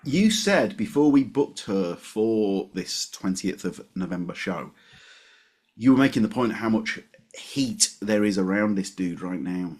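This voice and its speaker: A man co-hosting a podcast in casual chat, animated and quick to laugh at his own jokes. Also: on the low side. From West Yorkshire, England. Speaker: podcast co-host.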